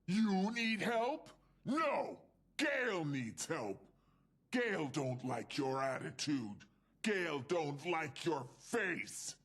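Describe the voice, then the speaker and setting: An actor playing a hulking, short-tempered male super mutant in a video game, with a gravelly, raspy voice and broken English, talking about himself in the third person. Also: a little high, sing-song, slow, fairly bright tone, heavily acted. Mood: aggrieved. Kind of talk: video game character dialogue.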